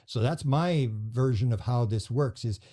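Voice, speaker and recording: A man being interviewed as a guest, telling stories quickly and acting out the people he quotes. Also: mid-range voice, warm tone. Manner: rapid storytelling, acting out quoted voices. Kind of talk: storytelling in a podcast interview.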